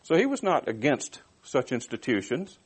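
A man's voice: medium pitch, sing-song, normal speed, breathy edge. A man giving an expository sermon, reading verses aloud and then unpacking them. His voice sits in a middle register, and he speaks in a plain, conversational way with frequent restarts and asides to his listeners. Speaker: preacher. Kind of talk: expository Bible teaching.

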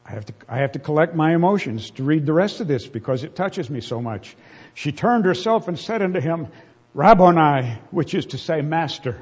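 A man's voice: a little high, animated, quick pace, hardly any pauses, a little mellow, slightly rough. A man preaching a sermon, reading scripture aloud with earnest, emotional emphasis. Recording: dull reverberant hall.

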